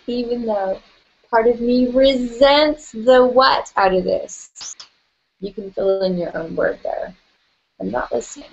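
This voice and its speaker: Gentle and playful, a woman leads listeners through guided tapping without rushing, often laughing as she goes. Her voice sits a little high, and the recording is dull and slightly lo-fi.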